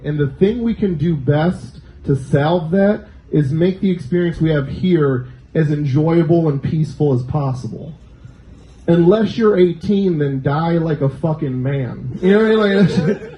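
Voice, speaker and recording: A man doing a stand-up set of dark jokes, often laughing at his own lines. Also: on the high side, reverberant, highs cut off. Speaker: stand-up comic.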